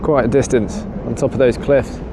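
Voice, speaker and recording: Travel vlogger, man, mid pitch, casual and wry, noisy car recording. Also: steady tone, normal speed. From England. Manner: chatty, self-deprecating, laughs at himself. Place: in a car and outdoors on a ferry. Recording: noisy car and outdoor background. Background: car and traffic noise.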